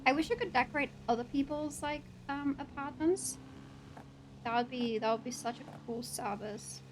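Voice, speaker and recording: A woman's voice: sits high, moderate pace, background noise. A young woman chatting casually in a roleplay game, full of "like" and slang. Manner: chatty, peppered with "like" and "sick". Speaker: streamer playing her roleplay character.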